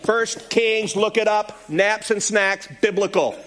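A man, a pastor, preaching a sermon with animated, playful storytelling and quick asides. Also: high voice.

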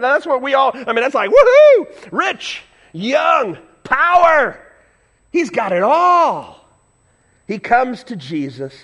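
Animated, high-voiced pastor. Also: male voice. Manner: animated, acts out voices, sudden loud whoops. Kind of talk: sermon.

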